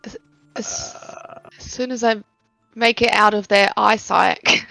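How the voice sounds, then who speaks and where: A woman's voice: medium pitch, fairly even intonation, slow, gravelly, pushed and bright, no echo, faint music behind, poor audio. A woman playing a tabletop game, asking questions and reporting rolls in a playful way. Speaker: player. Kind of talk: casual tabletop play.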